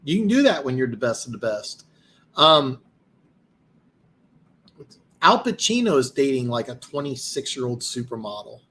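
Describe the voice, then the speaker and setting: A man's voice: medium pitch, big pitch swings, moderate pace, long pauses, sharp tone. A man hosting a live football stream, tired and losing his voice, rambling boastfully with many restarts. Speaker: host. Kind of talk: live-stream football talk, reading comments.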